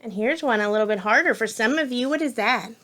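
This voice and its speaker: A woman's voice: a little high, fast, a bit bright. A woman reading a picture book to young children, asking them questions and making animal sounds in a sing-song way. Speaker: preschool teacher.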